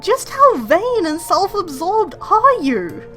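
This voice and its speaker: A woman's voice: extremely high pitch, very animated, slow pace, fairly bright tone, faint music behind, pitched above the performer's own voice, full character voice. A woman reading an earnest young game heroine. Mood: exasperated.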